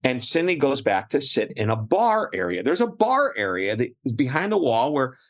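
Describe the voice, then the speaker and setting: A man's voice: medium pitch, very animated, moderate pace. A middle-aged man telling anecdotes in a casual chat, his voice rising and falling a lot. He laughs often as he talks. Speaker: guest speaker.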